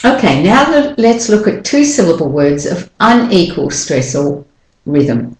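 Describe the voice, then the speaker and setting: A woman giving a spoken pronunciation lesson, slowly and carefully demonstrating individual sounds and syllables. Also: fairly low pitch, big pitch swings, roomy sound, poor audio. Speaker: pronunciation teacher.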